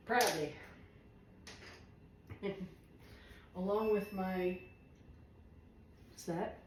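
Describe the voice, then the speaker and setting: Talking extremely slowly in a medium-pitched voice, a woman home cooking vlogger cooks and tastes food in her kitchen, chatting casually and drifting from thought to thought. The room is echoey and faint household noise can be heard.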